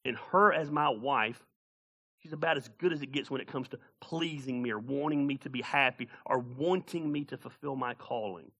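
Bright-voiced preaching man. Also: medium pitch, moderate pace. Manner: animated, shouting bursts and jokes. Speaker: pastor. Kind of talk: sermon.

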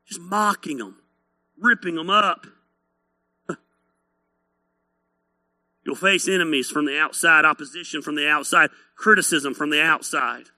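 A male pastor preaching in a blunt, teasing, animated way. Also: fairly high pitch, normal speed, dry recording. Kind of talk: sermon.

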